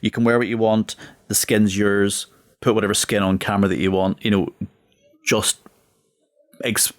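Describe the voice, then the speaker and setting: A man in his thirties co-hosting a casual podcast chat, talking in an animated, emphatic way. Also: on the low side, normal speed. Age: 30s. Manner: animated, emphatic, acts out quotes. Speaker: podcast co-host.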